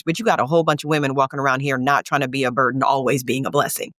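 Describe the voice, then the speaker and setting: A woman's voice: low-pitched, steady tone, racing, hardly any pauses, fairly bright tone, no room sound, clean studio sound. A woman therapist guesting on a podcast, talking in an emphatic, colloquial way and repeating her key lines like a pep talk. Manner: colloquial, calls listeners y'all and sis. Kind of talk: podcast conversation.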